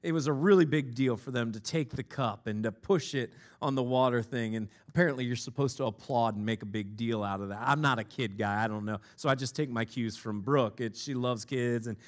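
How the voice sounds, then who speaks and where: A pastor delivering a sermon in a conversational way, mixing scripture with personal stories and playful asides. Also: male voice, mid-range voice, fairly quick, few pauses.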